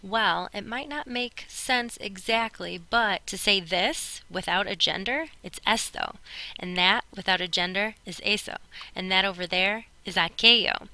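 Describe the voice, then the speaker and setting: Bright, clear-voiced woman teacher. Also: mid-range voice, unhurried, few pauses, dry recording, poor audio. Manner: clear, patient explaining to students. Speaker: Spanish teacher. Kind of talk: recorded classroom lesson.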